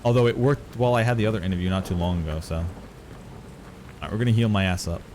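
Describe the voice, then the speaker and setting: A man's voice: on the low side, quick pace, darkish tone, a little hiss or hum. A man streaming a video game, chatting casually with his viewers and swearing now and then. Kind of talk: casual gameplay commentary.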